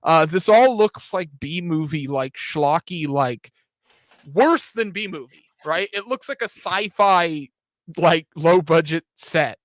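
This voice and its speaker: A man's voice: on the high side, expressive, slow, no echo. A man hosting a podcast, casually and critically reacting to a trailer with exasperated asides. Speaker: podcast host.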